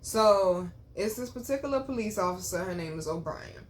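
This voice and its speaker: A woman's voice: mid-range voice, animated, normal speed. A woman hosting a vlog, telling a personal story in an emphatic, chatty way, with frequent asides to her viewers. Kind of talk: casual storytelling.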